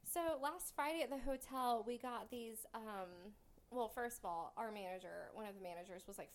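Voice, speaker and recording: A woman's voice: fairly high pitch, moderate pace. A female guest telling a story in casual chat, acting out the dialogue she quotes. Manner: chatty, acts out quoted dialogue.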